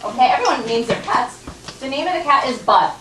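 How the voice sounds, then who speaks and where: Speaking quickly and expressively, a woman with a high voice patiently coaxes a first-grade class through a reading lesson and checks in with the students. The elementary school classroom is echoey, captured from afar, with noise in the recording.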